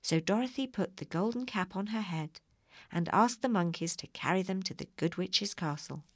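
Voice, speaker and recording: A woman narrating a children's storybook in a calm, clear way. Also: lowish voice, moderate pace. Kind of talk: storybook reading.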